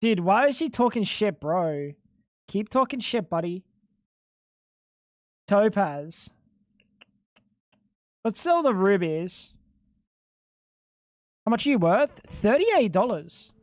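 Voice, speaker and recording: A man's voice: high-pitched, very animated, takes it slowly, pauses often, no room sound, clean studio sound. A young man livestreaming a game, bantering with his chat in a joking, profane way. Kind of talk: casual gaming livestream chat.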